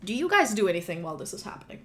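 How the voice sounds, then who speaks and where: A woman's voice: mid-range voice, very animated, racing, fairly bright tone, slight background noise. A woman runs a tabletop role-playing game, narrating the scene casually. She talks in a loose, chatty way with frequent fillers and restarts. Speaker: game master.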